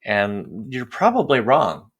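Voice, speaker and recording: A man hosting a podcast interview in casual chat, relaxed and encouraging, and he speaks to his listeners directly. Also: medium pitch, slow, husky. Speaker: podcast host.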